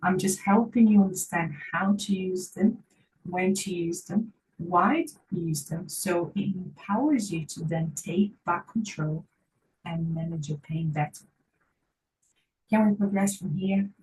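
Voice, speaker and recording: A woman's voice: fairly low pitch, unhurried, darkish tone, distant mic, slight background noise, rough recording. A woman physiotherapist giving an online workshop talk, speaking earnestly and encouragingly and repeating phrases for emphasis.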